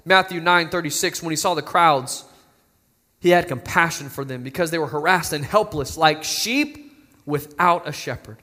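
A man preaching a sermon, building to emphatic, near-shouting appeals to the congregation. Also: a little high, moderate pace. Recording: long hall reverb.

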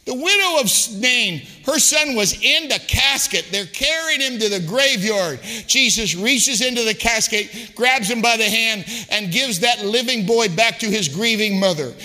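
Man, high bright voice, fiery rhythmic sermon, long church reverb. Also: animated, unhurried, hardly any pauses. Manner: impassioned, rhythmic preaching with shouted peaks. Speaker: guest preacher. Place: church sanctuary.

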